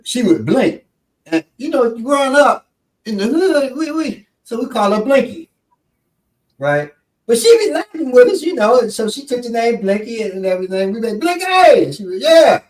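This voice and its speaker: A man, telling a story in casual talk and acting out quotes with big pitch jumps. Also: big pitch swings, normal speed, a little mellow, recorded from a distance. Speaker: show instructor telling a story. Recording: echoey room, voice off-mic.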